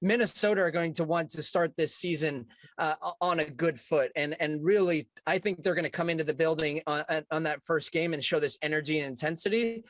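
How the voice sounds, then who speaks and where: A man talking as a soccer analyst on a panel, chatty and quick to joke. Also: a little high, fairly bright tone. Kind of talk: casual panel discussion.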